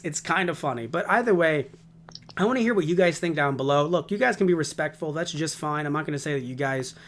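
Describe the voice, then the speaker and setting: A man co-hosting a casual podcast, rambling and ranting with heavy swearing. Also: on the high side. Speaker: podcast co-host.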